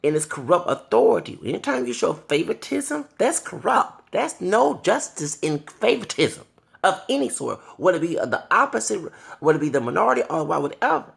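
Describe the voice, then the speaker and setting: A man's voice: fairly high pitch, vocal fry, a bit bright. A man in his thirties delivering a heated, profane rant to camera, breaking off now and then to apologize for his cursing. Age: 30s. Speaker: vlogger. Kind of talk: angry monologue to camera.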